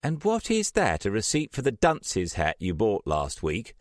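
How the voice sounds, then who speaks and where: A man's voice: medium pitch, sing-song, moderate pace, no echo, clean studio sound, voice pushed up, natural voice. Guy putting on a snippy young woman, all cutting put-downs, voice jumps around a lot. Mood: scathing. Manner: scathing, teasing retorts. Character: young woman friend, sharp-tongued and mocking.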